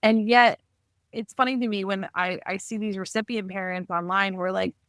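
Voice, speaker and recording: A woman of middle pitch speaks as a podcast guest, recounting her family history with lively, animated delivery. Her voice sits close and dry on the mic with no room around it. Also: normal speed, clean tone, no echo. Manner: animated, acts out quoted dialogue. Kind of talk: conversational storytelling.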